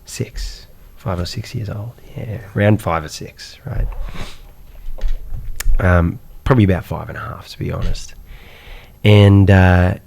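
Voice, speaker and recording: A man telling his life story as a podcast guest, animated, with repeated words and rhetorical questions. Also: deep voice, unhurried, vocal fry, long pauses. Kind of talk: personal storytelling in a podcast interview.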